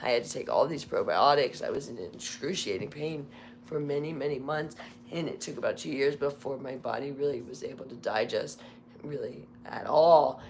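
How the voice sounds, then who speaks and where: A woman with a hoarse, very low voice chats openly on a live stream. She rambles in a candid, confessional way. A faint hiss sits under her talk. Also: normal speed. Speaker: livestream host. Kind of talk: casual live chat. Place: Las Vegas home.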